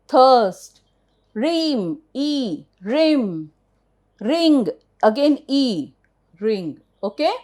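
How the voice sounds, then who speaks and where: This is a somewhat high voice belonging to a middle-aged woman with an Indian accent. She's giving children an English phonics lesson, breaking words into individual letters and responding to questions she asks herself.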